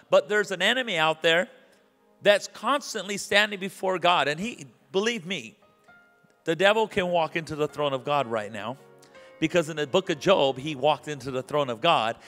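A man's voice: fairly high pitch, sharp tone. A male pastor preaching with energy, leading the congregation in call and response and reading scripture. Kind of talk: sermon. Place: church sanctuary. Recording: live church recording with long reverb.

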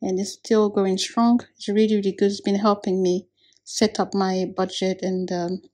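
A woman talking casually to camera in a vlog, relaxed and chatty. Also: medium pitch, moderate pace. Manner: relaxed, chatty, with frequent fillers. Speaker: vlogger.

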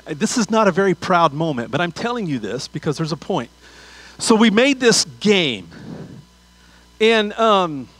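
Man, pastor, sermon, storytelling with asides, fairly high voice, dry close recording. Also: fairly bright tone, no echo, low-quality recording.

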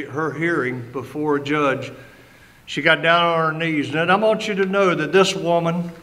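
An older man, an ordained minister appearing as guest speaker, preaches passionately to a live audience in a fairly high, sharp voice. The recording is rough, and he tells a story emphatically while acting out the quoted voices.

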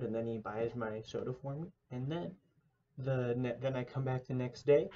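A man's voice: mid-range voice, normal speed, warm tone, highs cut off, a little hiss or hum. A young man telling a rambling story to camera, casual and mock-dramatic, with lots of fillers.

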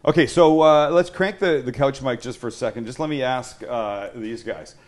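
A man hosting a casual interview, teasing his guests with quick questions and frequent laughter. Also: medium pitch. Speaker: cooking show host.

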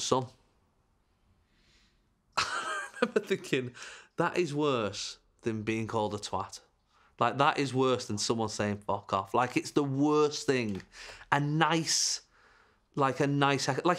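A man's voice: mid-range voice, fairly bright tone. Wry man recalling a gig. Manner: self-deprecating, wry. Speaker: stand-up comedian. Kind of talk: reflective interview anecdote.

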